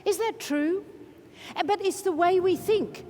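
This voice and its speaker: Aussie lady motivational speaker, high bright voice, big echoey conference hall, faint room hum. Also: measured pace. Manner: energetic, playful, leads the crowd in chants. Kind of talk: keynote speech to a large audience. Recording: reverberant hall from a stage mic.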